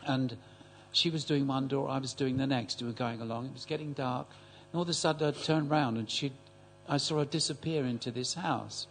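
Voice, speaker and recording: An older man telling a story in a group class, halting and repeating words as he speaks. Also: mid-range voice, slight background noise. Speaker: class attendee.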